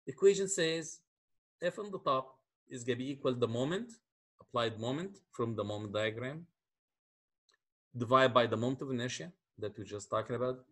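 Husky-voiced man lecturing on beams. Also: mid-range voice, a bit bright. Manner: explains step by step, asks the class questions. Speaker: engineering lecturer. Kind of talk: classroom lecture.

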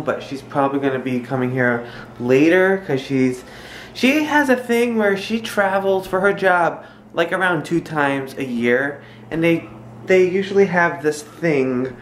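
A woman's voice: low-pitched, echoey room, slight background noise. A young woman vlogging at home with a handheld camera, chatty. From New Jersey, New York area. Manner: chatty, cooing baby talk to a child. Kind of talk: casual home vlog. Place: home, indoors.

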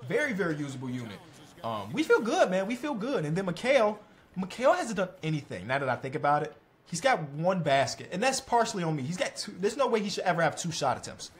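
A young man talks through his basketball video game, cheering his players on and scolding himself for mistakes. His voice sits fairly high and swings widely in pitch, jumping into shouts at the big moments. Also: quick pace. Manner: excitable, talks to players on screen, self-mocking, shouts at big plays. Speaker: gaming YouTuber.

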